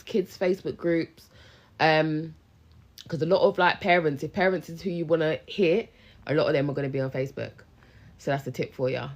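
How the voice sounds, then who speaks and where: A young woman with a low voice chats on a live stream, slangy, lively and thanking viewers as she goes. She talks like a friendly business coach straight into her phone. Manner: chatty, slangy, animated, responds to viewers. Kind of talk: casual live-stream chat. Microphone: handheld phone live stream.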